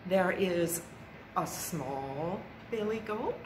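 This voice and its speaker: A woman presenting a library storytime, telling a folk tale to young children in a slow, expressive way. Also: lowish voice. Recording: roomy echo with faint background noise.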